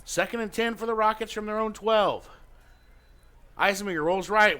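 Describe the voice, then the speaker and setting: A man calling a high school football game live on radio as play-by-play announcer, with quick play calls that climb to shouts on big plays. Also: slight background noise, rough recording. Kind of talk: live radio sports commentary.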